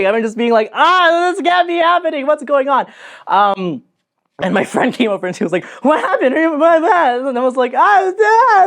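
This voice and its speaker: A young man, an actor, telling his own story in a casual, animated way, acting out what people said, with many fillers. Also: mid-range voice. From Philippines. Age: young adult.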